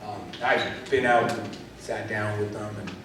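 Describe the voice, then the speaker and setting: A man with a fairly low voice tells stories in a loose, rambling way, full of fillers and restarts. He is picked up from a distance in a large, echoing convention hall, with steady background noise underneath. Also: unhurried. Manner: rambling, filler-heavy storytelling. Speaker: actor, panel guest. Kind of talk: casual convention panel Q&A. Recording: echoey hall from far off.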